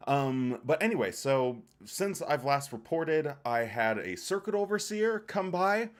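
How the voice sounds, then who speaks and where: A man's voice: fairly high pitch, sing-song, measured pace. Casual male livestreamer greeting chat. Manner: greets chat viewers by name, rambling and jokey. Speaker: livestream host.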